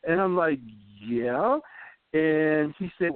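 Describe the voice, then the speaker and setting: A man's voice: a little high, moderate pace. A man in his fifties, a guest on a phone interview, animatedly telling a story and acting out the voices of the people in it. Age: 50s. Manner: animated storyteller who acts out quoted voices. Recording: dry tinny phone line.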